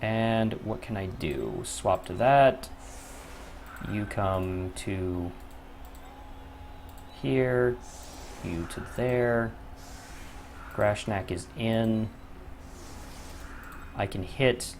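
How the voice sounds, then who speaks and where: A man's voice: on the low side, extremely slow, long pauses, a little mellow, slight background noise. A young man commentating his own gameplay, often frustrated, swearing and muttering to himself. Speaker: gaming YouTuber.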